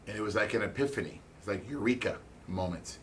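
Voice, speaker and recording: A man delivers a blunt, candid motivational talk as a real estate investor, swearing freely and speaking in quick bursts broken by halting restarts. His voice is lowish with a fairly bright tone, and there's slight background noise.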